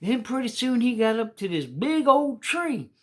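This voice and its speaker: A woman's voice: on the high side, very animated, normal speed, a little mellow. Folksy woman telling a children's story.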